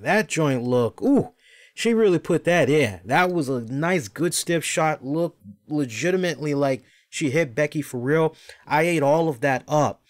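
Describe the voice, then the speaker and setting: Male host with a high voice who reviews wrestling in an emphatic, animated way.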